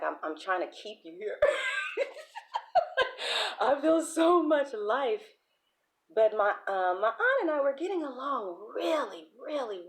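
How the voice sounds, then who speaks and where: Animated, chatty tarot-reading woman. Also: mid-range voice. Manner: chatty, animated, profane storytelling. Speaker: tarot reader. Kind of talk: casual livestream reading.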